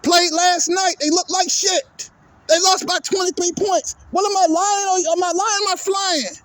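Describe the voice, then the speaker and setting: A man's voice: extremely high pitch, fairly even intonation, moderate pace, fairly bright tone, dry recording. A man hosting his own sports channel, delivering a heated, profane, repetitive rant at his viewers. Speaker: sports vlogger. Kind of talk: angry ranting monologue.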